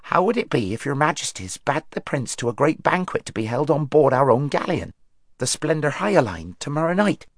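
A man voicing an excitable male fawn who talks eagerly and impatiently in a storybook reading. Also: fairly high pitch, normal speed, dry recording, clean studio sound, pitched above the performer's own voice.

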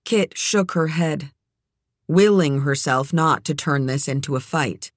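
A woman narrating a novel in a measured, even storytelling manner. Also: low voice, no room sound. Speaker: audiobook narrator. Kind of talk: scripted narration.

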